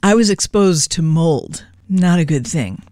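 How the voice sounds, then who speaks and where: A woman radio DJ announcing songs and station news in a relaxed, chatty way, fighting a cough and stumbling a little. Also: fairly low pitch, unhurried, no room sound, studio quality. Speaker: radio DJ and host. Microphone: studio microphone.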